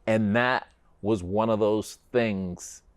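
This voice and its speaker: A middle-aged man from Chicago, a guest telling a personal story in a relaxed conversational way, with animated, dramatic retelling. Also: fairly low pitch, slow pace, clear, resonant tone.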